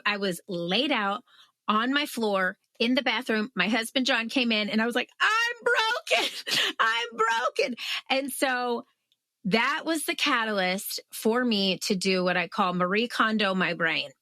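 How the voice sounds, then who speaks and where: Animated woman guest, dry close sound. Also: mid-range voice, no room sound. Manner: animated storyteller, acts out her own past outbursts. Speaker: guest, author. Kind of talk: podcast interview.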